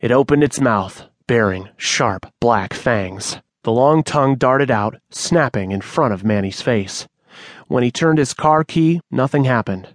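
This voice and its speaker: A man reading an audiobook aloud, telling a suspenseful story in a measured way on a close studio mic. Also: mid-range voice, lively intonation, no echo. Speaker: audiobook narrator. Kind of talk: scripted audiobook narration.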